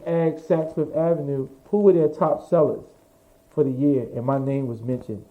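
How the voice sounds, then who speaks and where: A man from New York telling his life story as an interview guest, animated, swearing freely and acting out what others said. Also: fairly high pitch, normal speed. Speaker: interview guest, fashion designer. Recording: dull lo-fi audio.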